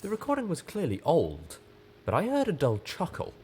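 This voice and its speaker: A man narrating a first-person story as an audiobook reader, in a steady, measured way. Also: on the high side, a little hiss or hum.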